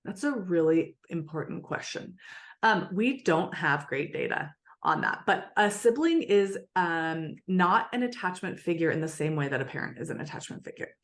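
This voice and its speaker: Low-voiced woman explaining attachment earnestly. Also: lively intonation, normal speed. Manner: earnest, explains with acted examples. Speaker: attachment expert guest. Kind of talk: explanatory interview talk.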